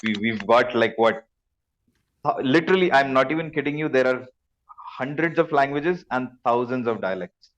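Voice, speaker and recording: A man with an Indian accent joins a podcast as the guest. He talks eagerly and warmly, with a mid-pitched voice and a ready laugh. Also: expressive, highs cut off. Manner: friendly, eager, quick to laugh. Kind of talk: remote interview.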